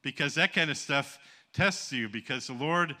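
A man's voice: fairly high pitch, moderate pace, pushed and bright. An older man preaching in a church auditorium, telling a story animatedly, acting out the quotes and laughing at his own tales. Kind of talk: storytelling sermon.

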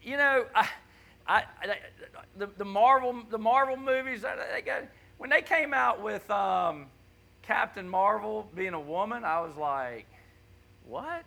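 A man preaching a conversational sermon in a church, animated and often checking in with his listeners. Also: high voice, unhurried, creaky. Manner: animated, keeps asking "right?".

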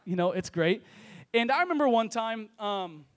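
A man preaching a lively sermon to a congregation, telling funny stories. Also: high-pitched, normal speed. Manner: energetic, joking storyteller. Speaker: pastor. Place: church service with congregation.

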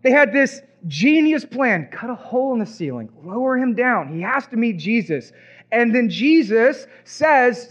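A man preaching a sermon as pastor, animated and acting out imagined reactions. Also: very high voice, normal speed, muffled recording.

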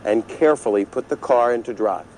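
A man's voice: medium pitch, fairly quick, a little mellow, slight background noise, close to an everyday voice, poor audio. An actor playing an overprotective sitcom father, middle-aged, nervous and bossy, giving anxious driving instructions. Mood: fussy. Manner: nervous, bossy, snaps into sudden yelps. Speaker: father teaching his daughter to drive. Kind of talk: sitcom acting.

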